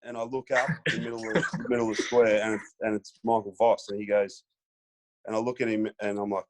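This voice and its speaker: Podcast guest: relaxed Australian man, lowish voice, rambling anecdotes. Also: quick pace. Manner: laid-back storyteller, many fillers, acts out quotes. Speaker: podcast guest, former footballer. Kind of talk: casual storytelling chat.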